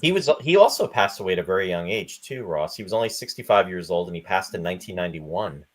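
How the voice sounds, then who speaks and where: A man co-hosts a relaxed film chat, mostly backing his partner with short agreeing replies. His voice sits very low. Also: fast talker. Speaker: podcast co-host.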